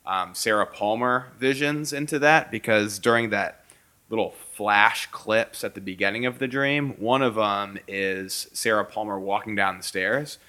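A man's voice: on the low side, a little slow, pushed and bright. A man co-hosting a podcast, chatting casually and joking dryly while thinking aloud. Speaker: podcast co-host. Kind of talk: casual chat.

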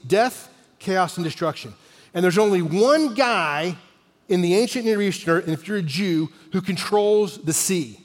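A man in his forties preaching with a fairly high voice, telling the story animatedly and sometimes sinking almost to a whisper for weight. His words ring out with a long reverb that carries through a large hall. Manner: animated storyteller, drops to a near-whisper for emphasis. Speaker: pastor. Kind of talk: sermon storytelling.

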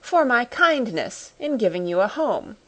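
A woman reads a storybook part as a stern, domineering schoolmistress, cold, commanding, scolding, and indignant. Her fairly high voice, pitched above her own, swings widely in pitch and moves a little slowly.

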